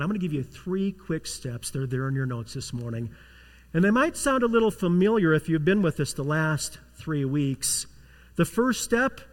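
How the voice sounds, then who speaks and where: Pastor guy preaching, pretty high voice, big echoey church sound. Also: a bit bright. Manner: storytelling with rising intensity and quoted voices. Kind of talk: sermon. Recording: long hall reverb.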